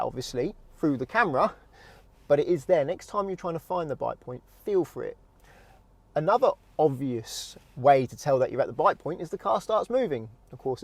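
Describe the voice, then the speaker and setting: Calm man with a gravelly voice. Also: on the high side. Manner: calm step-by-step explaining. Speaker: driving instructor. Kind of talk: in-car tutorial demonstration. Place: inside a car.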